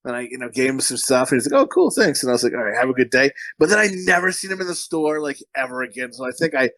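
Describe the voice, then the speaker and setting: A man's voice: mid-range voice, steady tone, very fast, bright, forceful tone, no room sound, low-quality recording. A man co-hosting a podcast, telling rambling, profane stories in casual chat and laughing often. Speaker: podcast co-host.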